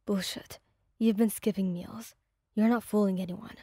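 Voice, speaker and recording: A woman reading the part of a gruff, blunt young man in a fanfic audio story. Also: mid-range voice, fairly even intonation, moderate pace, dark tone, no echo, studio quality. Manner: blunt, curt orders.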